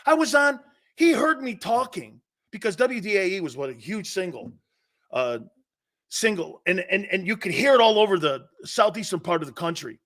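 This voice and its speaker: Animated, blunt sports talk host, man. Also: moderate pace. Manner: animated, blunt storytelling with swings in pitch and loudness.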